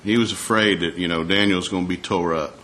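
Male preacher, lower voice, chatty sermon style, rhetorical questions, slows down to read scripture. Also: steady tone, a bit bright, slight background noise. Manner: reads scripture aloud in a slower, raised voice.

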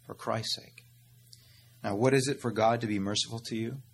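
A man's voice: medium pitch, fairly even intonation, normal speed, creaky, husky. A man preaching a sermon as pastor, earnest and direct, calling his listeners "beloved" and "my friend" and asking questions he answers himself.

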